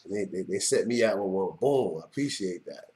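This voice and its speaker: A man's voice: low-pitched, animated, a little fast, dark tone. A middle-aged man, hosting his own show and talking off the cuff in a streetwise, emphatic way, often asking "you know what I mean". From New York. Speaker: show host. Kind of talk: unscripted monologue to camera.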